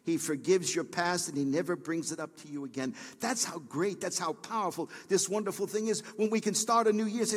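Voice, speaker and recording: A man preaches to his church, his voice sitting high for a man. He pulls the room in with quiet, low lines, then rises to loud, soaring cries. The sanctuary gives every phrase a long echoing tail. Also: fairly quick, hardly any pauses, slightly rough. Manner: preaching with swells from hushed lows to shouted peaks. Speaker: pastor. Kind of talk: sermon.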